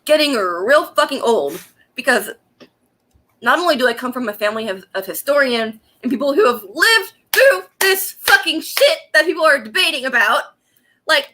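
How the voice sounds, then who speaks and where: A woman's voice: high voice, sharp tone. A young woman, ranting angrily and profanely on a casual laptop livestream at home, laughing often. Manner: angry profane rant with frequent laughs. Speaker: vlogger. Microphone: laptop webcam.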